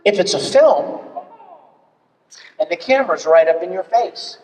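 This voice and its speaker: Lively guy telling stories to fans at a convention panel, swoopy voice, echoey big hall. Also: sits high, unhurried, long pauses, distant mic, a little hiss or hum. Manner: animated, acts out examples with big swings. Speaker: guest voice actor on a fan panel.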